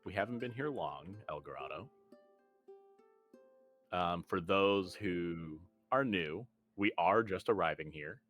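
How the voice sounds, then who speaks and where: Deep-voiced male game master, casual and rambling, faint music behind. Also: animated, slow, fairly bright tone. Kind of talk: casual tabletop game chat.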